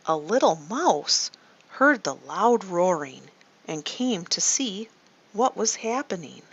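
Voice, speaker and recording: A woman leading a guided story meditation for children, slow and soothing, often asking the listener questions. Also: medium pitch, big pitch swings, slightly rough. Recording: dull lo-fi recording.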